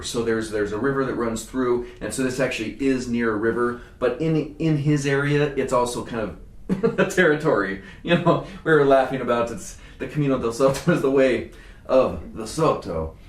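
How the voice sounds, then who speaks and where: A man hosting a casual wine tasting, chatting in a lively way with frequent laughs and restarts. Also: medium pitch, moderate pace. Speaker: wine importer and show host. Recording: echoey room, from far off.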